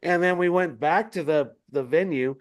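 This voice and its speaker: A man on a video call telling a rowdy road story, animated and laughing often, swearing freely. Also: fairly high pitch, moderate pace. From Denver area. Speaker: musician guest. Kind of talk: casual storytelling chat.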